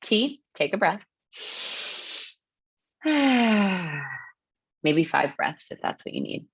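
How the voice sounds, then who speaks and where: A low-pitched woman gives a relaxed, upbeat webinar talk, checking in with her listeners often and tossing in plenty of "like". Her voice is close and dry, carried over a dull, lo-fi video-call line. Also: normal speed, creaky, breathy edge, no echo. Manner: chatty, upbeat, peppered with "like" and "right?". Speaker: webinar presenter. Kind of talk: casual teaching talk.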